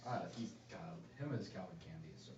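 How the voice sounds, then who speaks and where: Animated man, echoey distant room. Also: low voice, fast, dull audio, slight background noise. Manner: animated, jokey. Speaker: player. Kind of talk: casual chat between game sessions.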